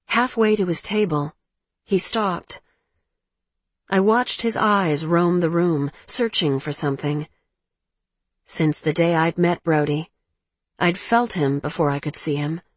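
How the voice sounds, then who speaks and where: A woman narrating a first-person romance audiobook in a measured, emotional way. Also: fairly low pitch, dry recording.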